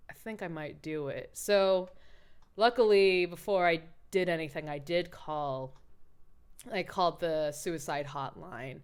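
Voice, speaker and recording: A woman's voice: deep voice, unhurried, smooth. Candid, foul-mouthed woman storyteller. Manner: candid, profane, animated storyteller. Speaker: podcast co-host. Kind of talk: casual chat.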